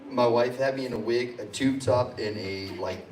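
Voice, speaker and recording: In an echoey convention hall, a man hosting a panel tells a funny story, laughing at himself along the way during the casual chat. His mid-range voice is a little mellow at normal speed, captured by a distant mic with audible noise.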